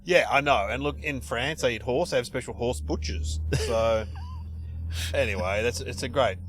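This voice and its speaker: An Australian man, a radio presenter, chatting casually as a guest and telling lively anecdotes. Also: medium pitch, moderate pace. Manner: lively storyteller, animated.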